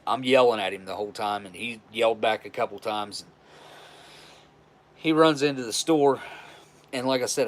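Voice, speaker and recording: Frank, profane man telling a story. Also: fairly low pitch. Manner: frank, profane, rambling with restarts. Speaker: livestream host. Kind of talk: casual live-stream storytelling.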